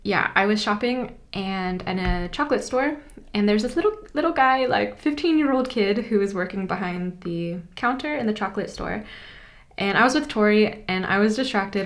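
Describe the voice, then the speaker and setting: American girl vlogging, laughs a lot, talky and casual. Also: medium pitch. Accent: Californian American. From United States. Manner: chatty, laughs often, acts out little quoted exchanges. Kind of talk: casual chat to camera.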